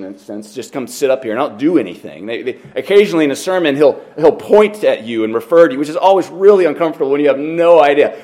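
Man, pastor, sermon, expository, animated storytelling, restarts sentences, mid-pitched voice. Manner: expository, animated when telling stories.

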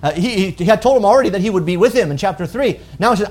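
A middle-aged pastor preaching in a loose, conversational way, often restarting his phrases. His voice sits notably high for a man. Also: lively intonation, rapid-fire, darkish tone. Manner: conversational preaching, paraphrasing scripture in plain speech, with verbal restarts. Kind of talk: sermon.

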